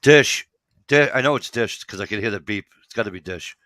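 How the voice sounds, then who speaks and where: A man's voice: on the low side, a little fast, sharp tone, dry recording. A man co-hosting a casual talk show, rambling through a story and retelling both sides of the dialogue, swearing casually. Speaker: podcast co-host.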